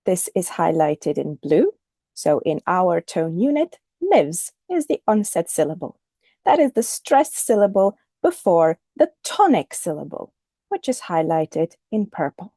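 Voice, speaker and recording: A woman teaching a recorded lesson, speaking clearly and deliberately and modelling the intonation of example phrases. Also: on the low side, big pitch swings, mellow, no room sound, studio quality. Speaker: English teacher.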